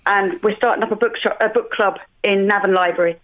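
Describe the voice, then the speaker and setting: A woman's voice: mid-range voice, steady tone, a little fast. A woman with an English accent, speaking as a guest on a radio show by phone, chatty and friendly. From England. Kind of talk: phone-in interview. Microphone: telephone. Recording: tinny phone line.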